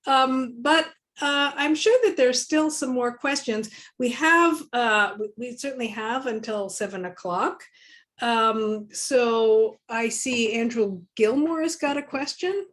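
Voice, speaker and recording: Slow-speaking woman moderating a Q&A. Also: on the high side, fairly bright tone.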